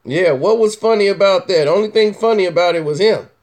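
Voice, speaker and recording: Sex: male. Role: host. Style: casual opinion commentary. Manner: emphatic, teasing, repetitive; voice slightly high. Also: brisk, darkish tone.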